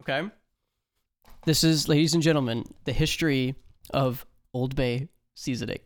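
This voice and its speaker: A man's voice: medium pitch, moderate pace. A man hosting a podcast, reading a mock-dramatic scripted history in a storyteller manner. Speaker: podcast host. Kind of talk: comedic scripted narration.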